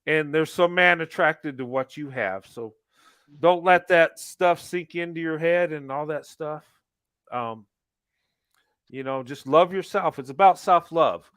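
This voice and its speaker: A man with a high voice talks slowly and encouragingly on a casual live online call, laughing easily. The sound is dry and close. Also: fairly bright tone, clean tone, dry recording. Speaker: participant in an online community call.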